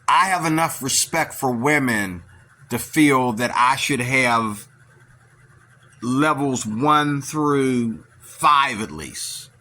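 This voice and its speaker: Male commentator, bright and sharp-edged voice, blunt rambling opinions. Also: mid-range voice. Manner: blunt, opinionated, keeps asking "okay?". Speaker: video commentator.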